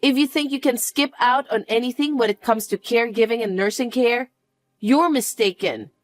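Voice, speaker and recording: A woman's voice: a little high, moderate pace, no echo, faint music behind, natural voice. A woman voicing a harsh young daughter-in-law, scornful and impatient, in a narrated family drama.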